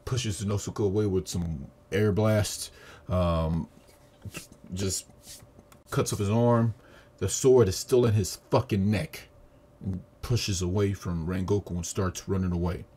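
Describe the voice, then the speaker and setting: Low dark-voiced man ranting a review. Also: husky. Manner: profane, animated retelling with acted quotes. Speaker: video reviewer. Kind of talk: casual movie review. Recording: audio static.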